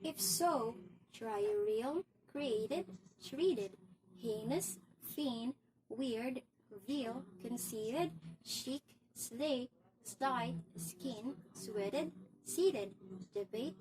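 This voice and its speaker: Slow, careful woman reciting, with background hiss. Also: on the high side. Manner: careful, deliberate enunciation of each word. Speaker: poetry reciter. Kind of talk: slow recitation of a spelling poem.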